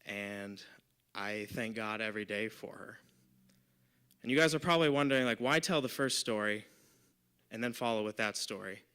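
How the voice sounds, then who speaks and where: A man's voice: on the low side, moderate pace, long pauses, bright, forceful tone, clean tone. A man in his twenties telling a personal story live on stage, talking casually with lots of "like" and "you know". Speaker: volunteer storyteller.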